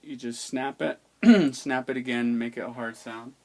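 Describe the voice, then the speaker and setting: Man, language teacher; slow and patient, sounds things out one by one. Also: mid-range voice, steady tone. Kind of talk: explaining an alphabet's pronunciation.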